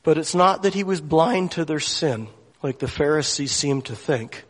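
A man's voice: a little high, expressive, normal speed, a bit bright, big-room sound. A man preaching a sermon, telling a story earnestly and emotionally, acting out the dialogue of the people in it.

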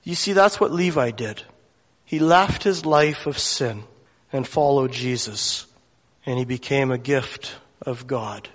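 A man's voice: mid-range voice, slow, in a large hall. A man preaching a sermon, telling a story earnestly and emotionally, acting out the dialogue of the people in it.

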